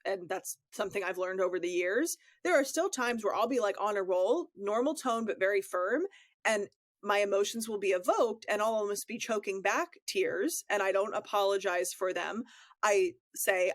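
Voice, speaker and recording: A woman's voice: mid-range voice, normal speed, no echo. Candid woman co-host, dry studio sound. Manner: candid, frank and reflective. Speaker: podcast co-host, therapist. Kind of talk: casual advice conversation.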